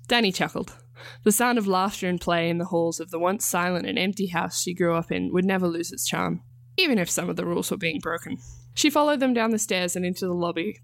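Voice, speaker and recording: A woman, the author, reading her own story aloud in calm, measured narration. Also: lowish voice. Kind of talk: scripted narration.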